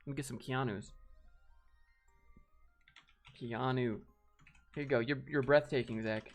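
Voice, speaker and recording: A man talking casually and bluntly to his viewers, with joking asides. His voice sits in a middle pitch. Faint background music runs under the stream. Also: fairly even intonation, measured pace. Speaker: streamer answering viewer questions. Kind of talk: casual livestream chat.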